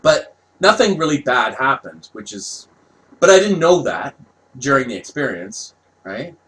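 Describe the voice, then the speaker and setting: A man from Canada casually telling a personal story, animated, laughing and swearing as he goes. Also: mid-range voice, a little slow, rough recording.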